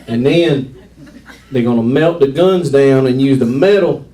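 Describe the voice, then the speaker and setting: A man's voice: medium pitch, measured pace, dark tone. A man doing a stand-up comedy set, shifting into a mock-preacher and mock-redneck delivery. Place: comedy club stage before a laughing crowd. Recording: distant mic in a noisy crowded club.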